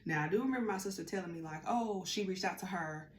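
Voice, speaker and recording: A woman vlogger telling a casual storytime, chatty and animated, acting out what others said. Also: lowish voice, fast talker, a little hiss or hum. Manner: chatty, animated, acts out quotes. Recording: roomy room with faint ambience.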